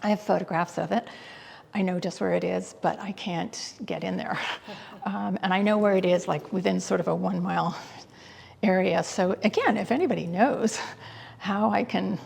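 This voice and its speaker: A woman curator speaks in an interview with a gravelly, breathy voice. She talks eagerly but haltingly, restarting sentences and filling gaps with "um". Her voice carries a long reverb from the hall. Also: medium pitch, darkish tone. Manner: enthusiastic, hesitant with many fillers and restarts. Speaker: guest curator. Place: exhibit hall.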